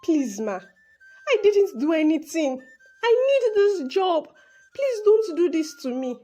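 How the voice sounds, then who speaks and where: A woman voicing a poor young maid who speaks softly and begs. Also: very high voice, sing-song, slow, soft background music, exaggerated voice. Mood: pleading. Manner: pleading, soft-spoken.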